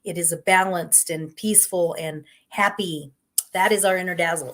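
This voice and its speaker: A middle-aged woman hosting a live-streamed inspirational talk show, upbeat and gently encouraging in a conversational way. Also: on the low side, fairly even intonation, normal speed. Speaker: host.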